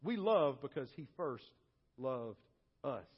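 A man's voice: mid-range voice, very animated, takes it slowly, slightly rough. A man preaching a sermon as pastor, emphatic, putting on comic voices for quoted people. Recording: dull, reverberant church recording.

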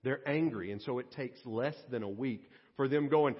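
A man preaching a sermon as pastor, dramatic, swinging between loud bursts and hushed low passages. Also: moderate pace, hardly any pauses, breathy edge. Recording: dull lo-fi audio with long church reverb.

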